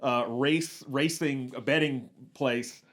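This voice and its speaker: Guy cohosting a movie podcast, excited, lots of uhs, reels off awards trivia. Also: medium pitch, takes it slowly. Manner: enthusiastic, rattles off trivia with many fillers. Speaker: podcast co-host. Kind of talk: casual movie discussion.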